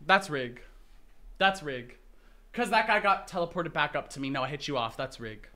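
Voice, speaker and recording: A man's voice: on the high side, sing-song, fast, background noise. A man livestreaming a game, chatting with viewers and thanking them for support, swinging between muttering and shrieking. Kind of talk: casual gameplay livestream chat.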